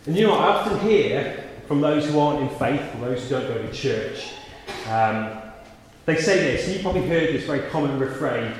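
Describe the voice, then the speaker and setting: A man's voice: fairly high pitch, expressive, normal speed, slight background noise. A man preaching a sermon, his voice filling a very echoey church with a long reverb tail. He talks in a conversational way, then pushes to sudden emphatic peaks. Faint room ambience sits underneath.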